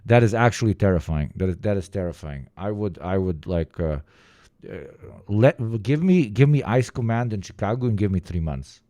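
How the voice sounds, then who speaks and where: A man giving casual, profane reaction commentary, telling stories with lots of fillers and animated bursts. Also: on the low side, normal speed, dry recording, studio quality. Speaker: reaction streamer.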